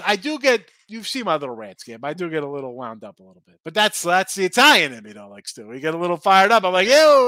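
A man hosting a sports betting show, chatting casually and answering viewer comments in a rambling, excitable way. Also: a little high, no room sound. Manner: rambling, excitable, talks back to chat. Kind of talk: casual live-stream chat reading viewer comments.

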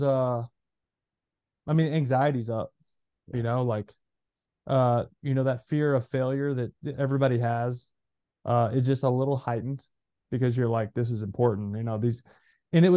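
A man in his thirties, a former player co-hosting a podcast, talking in an animated, rambling way with lots of fillers. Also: medium pitch, moderate pace, no room sound. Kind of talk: casual chat.

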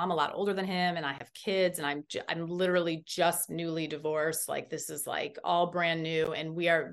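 A woman in her thirties, a podcast guest, telling a story in a casual, animated way, full of "like" fillers. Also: on the low side.

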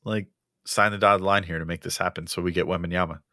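A young man co-hosting a casual podcast chat, halting and full of ums and uhs, chuckling often. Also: deep voice, fairly even intonation, sharp tone. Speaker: podcast co-host.

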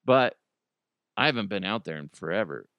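Animated, laughing American podcast host. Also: male voice, on the low side, normal speed, no room sound. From United States. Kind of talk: casual news commentary podcast.

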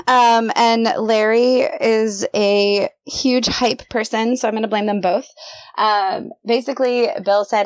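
A woman author chatting as a guest on a podcast, telling stories in a bubbly, animated way. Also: a little high, slow, clear, resonant tone, no echo. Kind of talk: casual podcast chat.

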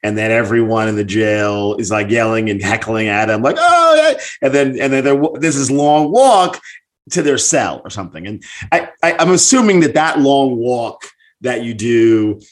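A man's voice: mid-range voice, normal speed. A man hosting a podcast interview, asking long rambling questions with jokes. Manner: rambling, joking. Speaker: podcast host.

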